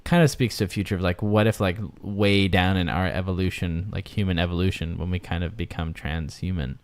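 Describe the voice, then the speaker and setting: Rambling low-voiced man, casual chat. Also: steady tone, a little fast, clean tone, dry recording. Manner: rambling, many fillers and restarts. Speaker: podcast co-host.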